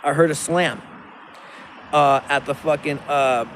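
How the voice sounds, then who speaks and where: A man's voice: a little high, measured pace, fairly bright tone, slight background noise. A man rambling profanely into his phone outdoors by a river, with many restarts. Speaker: vlogger.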